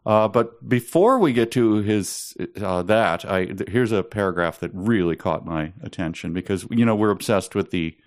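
A man's voice: fairly low pitch, animated, normal speed, few pauses, no echo. A man co-hosting a podcast, chatting casually about a book with a dry, jokey delivery. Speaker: podcast co-host.

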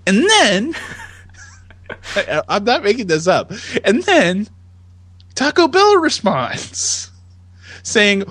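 A man co-hosting a casual chat podcast, animated and laughing often as he reads tweets aloud in voices. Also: high-pitched, takes it slowly, no room sound. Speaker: podcast co-host.

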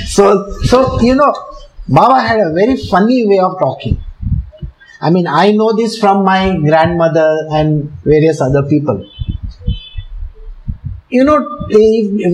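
A man's voice: sits high, darkish tone, a little hiss or hum, low-quality recording. A man with an Indian English accent, telling a devotional story and patiently explaining its terms, often chuckling as he talks. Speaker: teacher explaining a devotional book.

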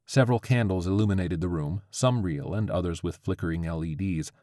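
Deep-voiced man narrating a story. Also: fairly quick, warm tone, dry recording, clean studio sound.

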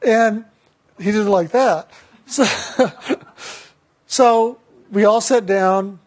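A man giving a reflective spiritual talk and telling a personal story, speaking slowly and deliberately with pauses. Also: high voice, a little mellow. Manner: slow, measured, deliberate pauses.

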